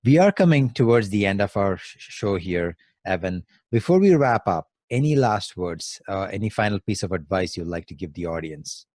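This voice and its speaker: A man's voice: deep voice, lively intonation, normal speed, hardly any pauses, darkish tone, no echo. A man hosting a podcast interview, enthusiastic and stumbling over restarts as he asks questions. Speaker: podcast host. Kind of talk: interview conversation.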